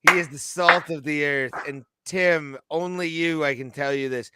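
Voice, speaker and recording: Male podcaster, excitable, profane, bright clear tone. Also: on the high side, moderate pace, dry recording, clean studio sound. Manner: excitable, laughing, profane banter. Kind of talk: casual chat.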